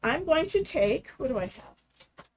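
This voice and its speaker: A woman talking through a craft project step by step, relaxed and chatty. Her voice sits a little high, with a faint hiss of room noise behind her. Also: unhurried. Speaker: craft host. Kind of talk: live craft demonstration.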